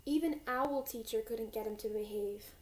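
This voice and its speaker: A young woman, a volunteer reader, calmly reading a children's picture book aloud. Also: a little high, moderate pace, rough recording.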